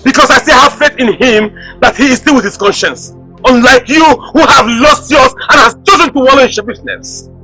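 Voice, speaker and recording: A man's voice: on the high side, animated, a little fast, over music, close to an everyday voice, low-quality recording. A man with a Nigerian accent playing a defiant young prince who stands up to his father. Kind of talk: film acting.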